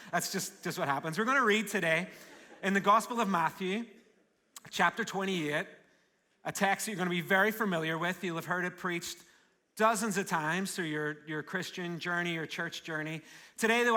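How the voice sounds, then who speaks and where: A man with a Northern Irish accent, a pastor preaching a live sermon in a joking, energetic way. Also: fairly high pitch. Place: large church auditorium.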